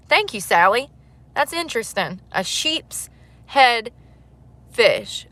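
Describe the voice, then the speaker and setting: A woman's voice: a little high, big pitch swings, takes it slowly, pauses often, pushed and bright, no room sound. A woman chatting casually into her phone outdoors by the water, swearing freely and laughing often. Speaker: vlogger. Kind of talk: casual outdoor vlog chat. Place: outdoors by the water on a cold day.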